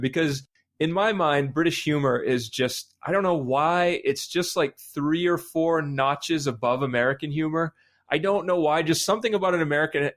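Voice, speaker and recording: A man's voice: a little high, a bit bright. A man on a podcast panel, telling a story in casual discussion and acting out his own past reactions.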